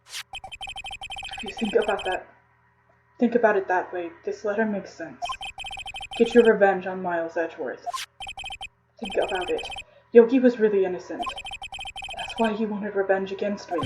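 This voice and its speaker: A woman's voice: mid-range voice, moderate pace, long pauses, music in the background, poor audio. A woman streamer voicing all the characters of a detective game, close to tears, chatting to viewers between lines. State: tearful, close to crying. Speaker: streamer voicing a visual novel. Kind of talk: reading game dialogue aloud with voice acting.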